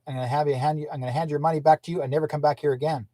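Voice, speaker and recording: Indignant older man, husky voice. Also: on the high side, fairly even intonation, rapid-fire, hardly any pauses, warm tone, dry recording. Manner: indignant, repetitive, restarts often. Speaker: livestream host. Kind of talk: rambling livestream talk.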